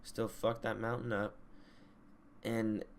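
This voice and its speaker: A man's voice: fairly low pitch, flat delivery, takes it slowly, gravelly, slight background noise. A young man co-hosting a casual podcast, ranting profanely and getting worked up as he talks. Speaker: podcast co-host. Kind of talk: casual chat.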